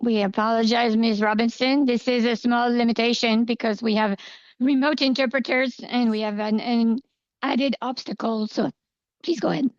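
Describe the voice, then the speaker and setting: A woman interpreting a committee chair live into English, steady, with frequent filler pauses. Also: a little high, no room sound. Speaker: simultaneous interpreter. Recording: dull lo-fi interpretation feed.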